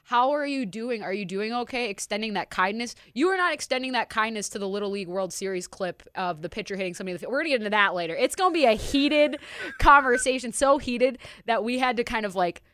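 A woman co-hosts a sports talk show in relaxed, animated chat. Her voice sits a little high, and the recording is close and dry with no room sound. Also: fast talker, no echo. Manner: chatty, animated, laughs often.

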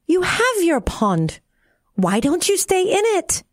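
A woman voicing a weepy, sulky little girl in a storybook reading, in a high, pleading tone. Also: huge pitch swings, takes it slowly, no room sound, studio quality, heavily acted. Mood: upset.

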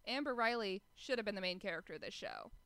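A woman's voice: mid-range voice, lively intonation, quick pace, bright, forceful tone, clear, resonant tone, no echo. A woman co-hosting a casual chat about a TV episode, opinionated and wry. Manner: opinionated and wry, with laughs and asides. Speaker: podcast co-host.

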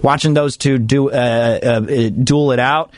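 A man's voice: mid-range voice, fairly even intonation, measured pace, dry recording. A man hosting a sports radio show, talking through listener comments in a chatty, rambling way with frequent restarts. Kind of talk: sports talk show monologue.

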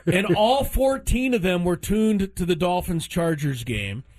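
A man's voice: high-pitched, expressive, unhurried, a little mellow, no echo. A man telling a story in casual chat, acting out the dialogue with exasperation. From Southern California.

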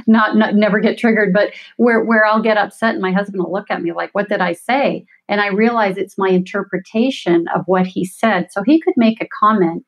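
Guest coach, woman, middle-aged, earnest and reflective, medium pitch. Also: rough recording. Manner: earnest, explanatory, self-reflective. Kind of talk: conversational interview.

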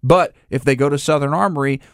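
A man's voice: fairly high pitch, quick pace, dry recording, studio quality. A man who runs a gun store, talking casually in rambling restarts and acting out little scenes with other people's voices. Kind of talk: casual conversation.

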